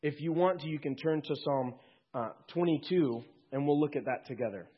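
A man preaching a sermon to his congregation in a conversational way, with quick asides and jokes. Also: fairly high pitch, slightly rough, muffled recording. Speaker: pastor.

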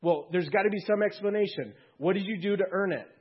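Man playing an incredulous angel, higher voice, husky, questioning. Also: fast talker, lo-fi sound. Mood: puzzled. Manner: probing, incredulous. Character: questioning male angel at heaven's gates.

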